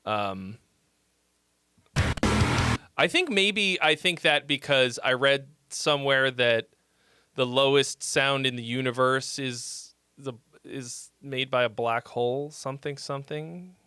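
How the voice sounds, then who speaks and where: Bright, clear-voiced man chatting on stream. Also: medium pitch. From Massachusetts. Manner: rambling, chatty, quick to laugh. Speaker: host reviewing listener songs. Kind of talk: casual livestream commentary.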